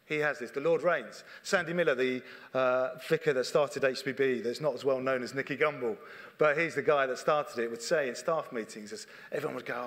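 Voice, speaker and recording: A man's voice: medium pitch, normal speed. A middle-aged man, a church leader, preaching a sermon in an earnest, conversational way and often repeating his phrases. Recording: long reverb of a church hall.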